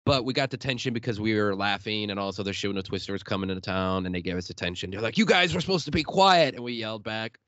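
A man's voice: lowish voice, steady tone, racing, few pauses, fairly bright tone, dry recording, dull audio. A young man from Illinois hosting an uncensored podcast, telling stories with lots of swearing and laughter. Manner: profane, laughing storyteller. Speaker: podcast host. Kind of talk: uncensored casual chat.

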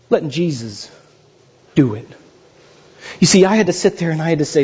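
A man in his thirties preaching a sermon as pastor, swinging from loud, high exclamations to slow, hushed pleading. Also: animated, slightly rough, lo-fi sound.

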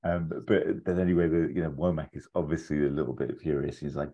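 Very deep, dark-voiced man. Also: brisk, few pauses, muffled recording. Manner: rambling, animated retelling with quoted lines and laughs. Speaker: podcast co-host pitching a film plot. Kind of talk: casual storytelling chat.

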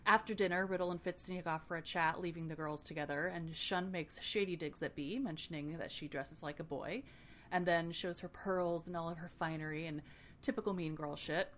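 Young woman host, snarky, swears a lot, animated recap delivery. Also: fairly low pitch, a little fast, a little hiss or hum. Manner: sarcastic, profane, animated. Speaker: podcast host. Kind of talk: casual book recap.

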